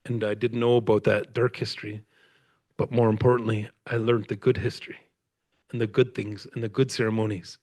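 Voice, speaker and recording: A man from Canada telling stories as the guest speaker at a book talk, rambling and animated and laughing often. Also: fairly low pitch, a little fast, no room sound. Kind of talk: conversational storytelling. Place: lecture event with audience.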